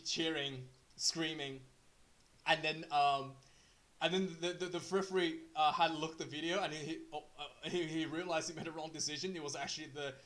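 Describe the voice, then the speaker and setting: A man with a slightly higher voice gives an off-the-cuff rugby match recap. He stumbles through fillers and restarts, then picks up steam as the story gets exciting. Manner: halting, full of fillers and restarts. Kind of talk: casual unscripted match recap.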